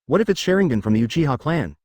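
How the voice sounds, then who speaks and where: A man's voice: fairly high pitch, very animated, rapid-fire, a little mellow, no room sound. A man voicing a scheming ninja leader in a synthetic-sounding story reading, blunt and persuasive.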